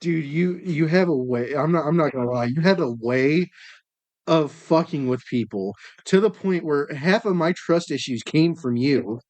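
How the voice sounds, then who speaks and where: A man's voice: on the high side, animated, normal speed, darkish tone. A man co-hosting a casual podcast. He banters with his co-host and repeats his words when he cuts in. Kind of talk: casual chat.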